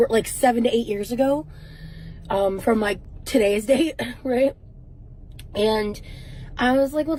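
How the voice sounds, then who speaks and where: A woman's voice: on the high side, darkish tone, poor audio. Rambling woman telling a personal story. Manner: rambling, many fillers and restarts. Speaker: vlogger in a clip.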